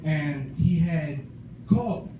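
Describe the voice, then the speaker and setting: Animated male stand-up comic in echoey club. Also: on the high side, slow pace. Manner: animated storytelling, acts out friends' voices. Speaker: stand-up comedian. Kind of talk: stand-up comedy set. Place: small comedy club stage. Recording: echoey room, far mic, noisy.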